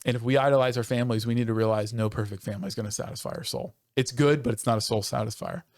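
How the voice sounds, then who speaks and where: A man's voice: medium pitch, steady tone, a little mellow, no echo. Pastor guy talking w a lot of heart, dry close mic, trips over his words sometimes. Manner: earnest and passionate, quickening when stirred, with self-interrupting restarts. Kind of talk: conversational church podcast discussion.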